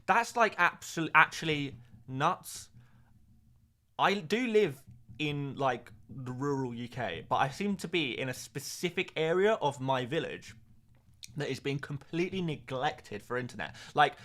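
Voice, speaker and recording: A man's voice: fairly high pitch, expressive, unhurried, bright, forceful tone. A man streaming live, reading out viewer comments and chatting back in a casual, joking way with plenty of fillers. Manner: reads out viewer comments and chats back jokily; chatty, with frequent fillers and laughs. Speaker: fantasy football streamer.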